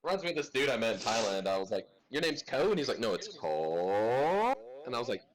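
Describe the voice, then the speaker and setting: A man's voice: mid-range voice, lively intonation, racing, crowd noise. A man co-hosting a podcast in casual chat, telling anecdotes full of quoted dialogue and swearing. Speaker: podcast co-host.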